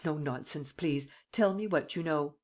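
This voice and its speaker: A woman voicing a suave mocking gentleman thief. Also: low-pitched. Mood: stern. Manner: teasing, brisk, commanding. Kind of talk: audiobook reading.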